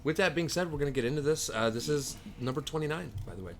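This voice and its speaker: A man's voice: fairly high pitch, fast talker, slight background noise. A man co-hosting a podcast, casually recapping comic book plots at length with dry jokes. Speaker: podcast co-host.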